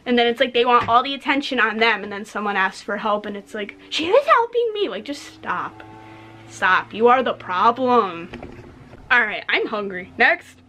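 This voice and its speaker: A woman's voice: fairly high pitch, moderate pace, a little hiss or hum. A young woman in her twenties, a podcast co-host, ranting bluntly and with plenty of swearing in casual talk. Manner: blunt, profane, animated storytelling. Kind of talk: casual rant.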